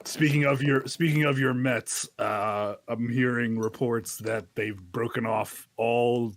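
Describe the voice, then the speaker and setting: A man's voice: mid-range voice, steady tone, slow pace. A man co-hosting a casual podcast, teasing and wry while chatting about sports. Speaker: podcast co-host. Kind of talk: casual chat.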